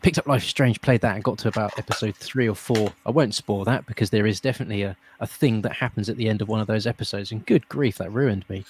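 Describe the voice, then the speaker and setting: A man's voice: fairly low pitch, fast talker, hardly any pauses. A man hosting a live stream, rambling and laughing in casual chat. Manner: friendly, rambling, laughs often. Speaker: host. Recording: faint noise.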